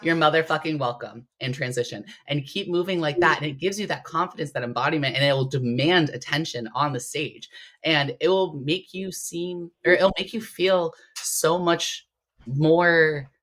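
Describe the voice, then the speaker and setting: A woman guest in a casual interview, telling stories with strong emotion and big swings in her voice. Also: normal speed. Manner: animated, emotional storytelling with big pitch swings. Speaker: interview guest, competitive bodybuilder.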